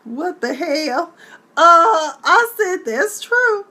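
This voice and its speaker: Animated chatty woman vlogger. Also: extremely high pitch, very slow. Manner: animated, chatty, mimics voices. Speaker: vlog host. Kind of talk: casual live-stream chat.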